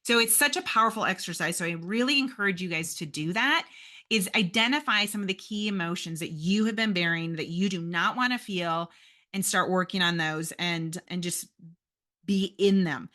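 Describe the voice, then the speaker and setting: A woman's voice: on the low side, moderate pace, pushed and bright. A woman hosting a podcast, giving an earnest, encouraging faith-based motivational talk straight to her listeners. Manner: earnest, encouraging, addresses listeners as you guys. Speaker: podcast host.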